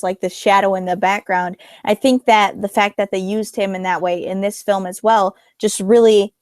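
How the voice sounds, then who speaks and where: A woman giving a measured, reasoned opinion in a casual podcast film discussion. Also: medium pitch, darkish tone, dry recording, studio quality. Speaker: podcast panelist.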